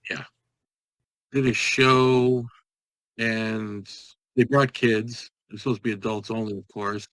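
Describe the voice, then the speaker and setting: A man comedian speaks on a podcast in a wry, deadpan way, with dry humour in his stories. His voice sounds close and dry with no room echo. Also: fairly low pitch, takes it slowly. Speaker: comedian guest. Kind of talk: casual chat on a video call.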